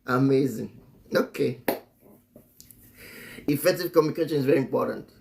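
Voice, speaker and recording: A man's voice: mid-range voice, a little slow, darkish tone, slight background noise. A man teaching about marriage on a live stream in a preachy way. He repeats phrases and chuckles often between remarks. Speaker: relationship teacher and author.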